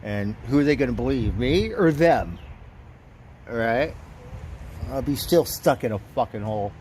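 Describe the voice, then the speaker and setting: A man on an outdoor livestream recounts a story in an unhurried, medium-pitched voice, with slight noise behind him. The telling is lively and loose, full of swearing and his own chuckles.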